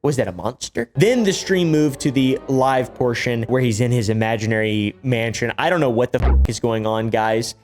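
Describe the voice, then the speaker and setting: A man's voice: medium pitch, moderate pace, hardly any pauses, a little mellow, soft background music. A man doing YouTube reaction commentary, ranting and swearing in an irritated way.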